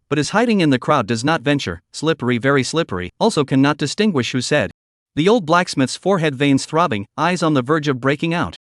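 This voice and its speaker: A man narrating a manhwa recap, reading every part in one even voice. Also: a little high, no room sound, studio quality.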